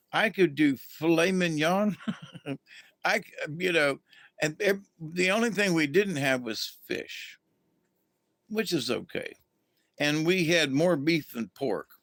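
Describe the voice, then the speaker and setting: A man's voice: a little high, expressive, slow, fairly bright tone, dry recording. A middle-aged man, telling a rambling, folksy story as a livestream host and greeting viewers along the way. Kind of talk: casual storytelling to a live chat.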